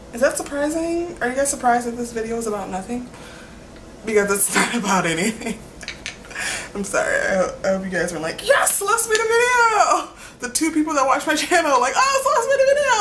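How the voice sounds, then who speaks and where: Her voice on the high side and a bit bright, a young woman rambles through a casual vlog, giggly and apologetic, with "like" tying her thoughts together. The recording has a little hiss or hum, an echoey room, and faint ambience.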